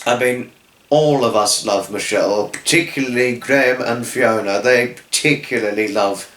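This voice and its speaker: A man's voice: medium pitch, normal speed, a bit bright, echoey room, rough recording. A man hosting his own channel, giving a rambling, effusive spoken tribute to friends, full of restarts and fillers. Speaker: channel host.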